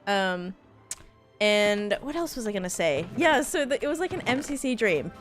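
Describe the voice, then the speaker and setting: A woman live streaming a game, excitedly thanking viewers and rambling through stories with lots of fillers. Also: medium pitch, normal speed, soft background music. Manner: rambling storytelling with many fillers. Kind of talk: casual live-stream chat while gaming.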